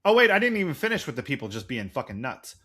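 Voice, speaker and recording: A man's voice: medium pitch, very animated, quick pace, sharp tone, breathy edge. A man in his forties co-hosting a podcast in casual chat, rambling and jokey. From United States. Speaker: podcast co-host.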